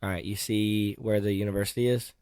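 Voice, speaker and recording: A man hosting a casual podcast chat, talking in a patient, gently teasing way as he explains things step by step. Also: fairly low pitch, flat delivery, quick pace, dry recording, studio quality. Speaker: podcast host.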